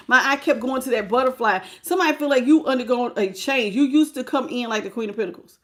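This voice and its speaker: A woman, giving a lively, sassy live tarot reading straight to the viewer. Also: sits high. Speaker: tarot reader.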